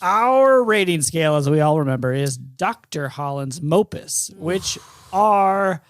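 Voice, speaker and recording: A woman's voice: low voice, lively intonation, a little slow, no room sound. A woman co-hosting a podcast, wryly running the show's segments. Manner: wry, runs the segments. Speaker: podcast co-host. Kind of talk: casual chat.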